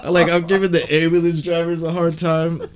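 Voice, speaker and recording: A man's voice: on the high side, monotone, brisk, crowd noise. Joking man recalling a story. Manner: laughing, joking, loose. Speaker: podcast co-host. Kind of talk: casual storytelling chat.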